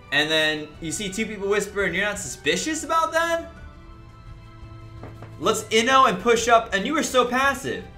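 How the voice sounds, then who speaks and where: A man's voice: high voice, bright, forceful tone. A man streaming a game live, ranting in exasperation at his fellow players. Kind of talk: livestream commentary.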